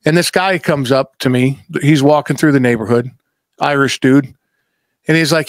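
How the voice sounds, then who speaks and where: A man chatting as a podcast guest, telling casual stories in a profane, animated way that repeats itself. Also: mid-range voice, moderate pace, no echo. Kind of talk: casual storytelling chat.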